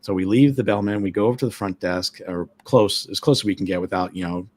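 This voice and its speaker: A man with a fairly low voice tells a ghost story in a casual live chat. He rambles, stacks up fillers, and acts out everyone he quotes in short bursts. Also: fast talker, a little mellow. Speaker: guest storyteller, former ship employee.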